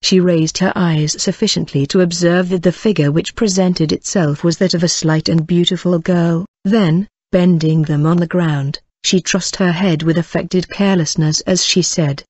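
An audiobook narrator reading a classic novel in a steady, even voice that speaks punctuation marks aloud. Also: mid-range voice, moderate pace, hardly any pauses, slightly rough, dry recording. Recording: dull lo-fi dry audio.

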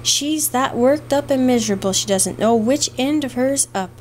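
A woman's voice: sits high, normal speed, a little mellow, slight background noise, close to an everyday voice, rough recording. A woman doing an old Irish housekeeper. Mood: coaxing. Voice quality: folksy brogue, scolding yet fond.

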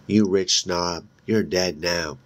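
A man's voice: sits low, slow pace. A man voicing an angry, jealous teenage boy who threatens in a breathless, menacing way in a read-aloud horror story.

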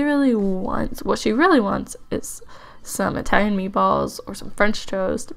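A woman's voice: medium pitch, vocal fry. A woman giving casual gameplay commentary as a let's play host, chatty and musing aloud with frequent ums and likes.

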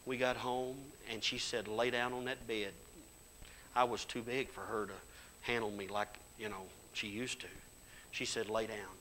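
A middle-aged man preaches in a church, his voice sitting at an ordinary pitch. He moves between homespun storytelling and loud, fervent calls to his congregation. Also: a little hiss or hum, low-quality recording. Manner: folksy storytelling with Southern grammar, rising to fervent loud exhortation. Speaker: pastor. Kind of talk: sermon. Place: church sanctuary.

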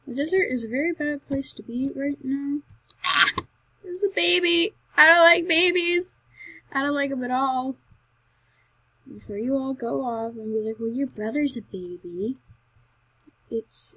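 Woman gamer narrating her own play; dry close sound, high-ish voice, bursts into excited squeals. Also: husky, no room sound, rough recording. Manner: excitable, with sudden loud high outbursts; chatty, talks to herself and to the animals in the game. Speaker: Minecraft let's player. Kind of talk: gameplay commentary.

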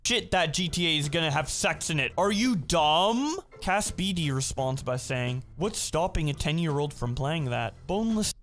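Man reading posts in an even monotone. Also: on the high side, moderate pace, few pauses, a little hiss or hum. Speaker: video narrator reading tweets. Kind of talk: flat read-aloud narration of social media posts.

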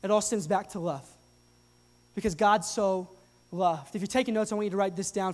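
A young adult man preaching a sermon to his congregation, earnest and animated, often restarting his sentences. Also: sits high, a little fast. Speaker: pastor. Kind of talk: sermon with live demonstration. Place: church hall with live audience. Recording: long hall reverb.

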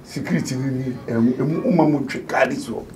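A man's voice: medium pitch, brisk, darkish tone. A man hosting a casual chat, telling stories animatedly and mixing Twi and English. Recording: distant mic with faint noise.

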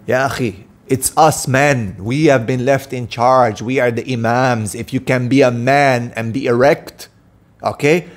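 A man preaching with fire in his voice, scolding his audience and hammering home one rhetorical question after another. His voice sits at an ordinary middle pitch for a man, and he talks straight to the listener in an impassioned monologue. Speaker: Islamic preacher and counselor.

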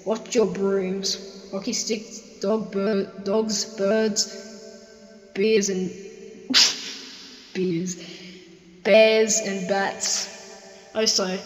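Animated film dialogue remixed with heavy autotune and sung to a melody. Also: drawn-out words, long pauses. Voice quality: pitch-corrected, sing-song melody. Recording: roomy echo with long reverb. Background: faint music.

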